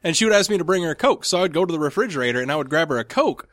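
A man's voice: fairly high pitch, animated, very fast, fairly bright tone, dry recording, clean studio sound. A man hosting a podcast, chatting casually and telling a long rambling story with many restarts. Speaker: podcast host. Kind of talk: casual chat.

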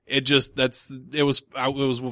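A man's voice: medium pitch, monotone, normal speed, pushed and bright, no echo. A man co-hosting a casual podcast chat, from the American South, telling rambling stories and laughing often. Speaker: podcast co-host.

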